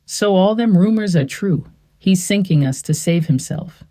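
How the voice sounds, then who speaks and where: A woman's voice: fairly low pitch, lively intonation, unhurried, dark tone, no echo, studio quality, voice pushed up. A woman reading a blunt male warehouse manager. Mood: accusing.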